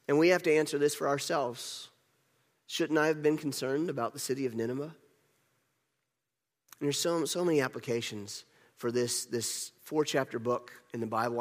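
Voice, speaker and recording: A man's voice: on the high side, long reverb tail. A man preaching a conversational sermon as a pastor, repeating phrases and building up rhetorical questions.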